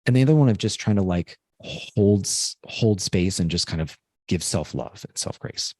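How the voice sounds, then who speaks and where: A man's voice: low voice, animated, moderate pace, dark tone, no room sound, clean studio sound. A man co-hosting a podcast, talking through a personal story in an earnest, rambling way with lots of fillers. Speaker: podcast co-host. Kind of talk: casual reflective podcast chat.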